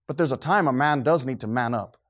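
A man's voice: mid-range voice, a little fast. A middle-aged man preaching a sermon to a congregation, fervent and preachy, sometimes losing his train of thought.

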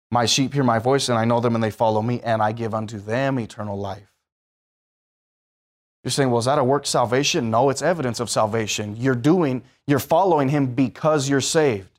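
Conversational man preaching a sermon. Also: medium pitch. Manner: conversational preaching, rising to emphatic bursts, asks the listeners questions.

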